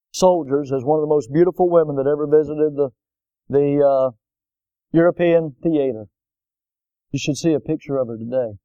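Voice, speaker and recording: A pastor preaching a sermon, swinging from loud emphatic bursts to slow, weighty lines and closing in prayer. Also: male voice, medium pitch, no echo. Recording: dull lo-fi sound.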